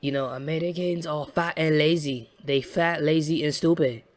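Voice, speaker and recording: A man's voice: a little high, steady tone, moderate pace, dry recording, voice pushed up, lightly acted. A man voicing a mocking foreigner with an exaggerated put-on accent. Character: mocking foreigner scolding Americans, male adult.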